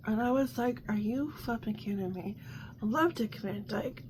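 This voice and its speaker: A woman with a fairly high voice talks through a casual coffee chat, rambling and restarting as she goes, often breaking into laughter. She sounds exasperated and chatty, and a faint hum of room ambience sits behind her. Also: moderate pace, darkish tone. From Canada. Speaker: vlog host.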